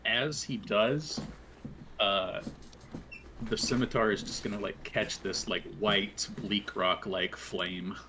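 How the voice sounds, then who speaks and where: A man's voice: lowish voice, steady tone, takes it slowly, noisy background. A man playing a tabletop game, describing his character's actions hesitantly with fillers. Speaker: player. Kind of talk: casual tabletop play.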